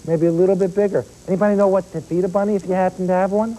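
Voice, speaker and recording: On a kids' TV program, a pet expert explains animals to the studio children and puts questions to them directly. He talks quickly in a high-sitting, mellow voice with a steady tone, though the audio quality is poor.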